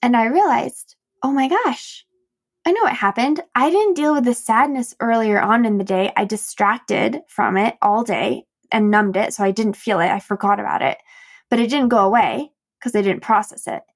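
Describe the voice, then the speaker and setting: Woman podcast host and coach, slightly high voice, casual storytelling with frequent laughs and self-mocking asides. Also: moderate pace, creaky. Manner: animated retelling with quoted dialogue. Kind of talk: personal storytelling monologue.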